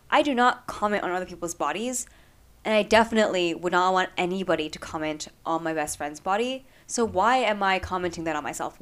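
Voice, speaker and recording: A woman's voice: fairly low pitch, fairly bright tone. A woman vlogging a candid, earnest personal monologue, thinking aloud with rhetorical questions.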